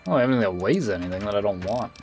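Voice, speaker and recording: A man's voice: fairly low pitch, expressive, very fast, faint music behind. A man streaming a game, muttering profane, casual commentary as he thinks aloud.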